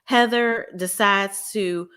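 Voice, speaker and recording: A woman's voice: mid-range voice, takes it slowly, clean tone. A woman talks through a reality TV episode in a casual, unfiltered vlog. Her voice sits in a middle register, and she is blunt and profane. She jumps into the cast's lines herself. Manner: blunt, profane, animated, acts out quoted lines. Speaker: reality TV reviewer.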